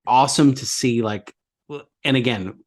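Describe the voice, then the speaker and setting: Guy on a movie podcast, middle pitch, rambly, lots of likes and ums. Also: moderate pace. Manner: rambling, many fillers and restarts. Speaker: podcast co-host. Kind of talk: casual film discussion.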